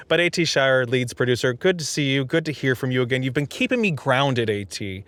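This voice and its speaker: A man's voice: mid-range voice, lively intonation, moderate pace, fairly bright tone, dry recording. A young man reporting from the road who chats casually, tells stories and laughs often. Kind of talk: casual chat.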